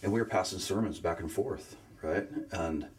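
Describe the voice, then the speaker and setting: Man, very deep voice, earnest, emotional, rambling conversational testimony. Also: normal speed. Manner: earnest, emotional, searches for words. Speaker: guest sharing faith story.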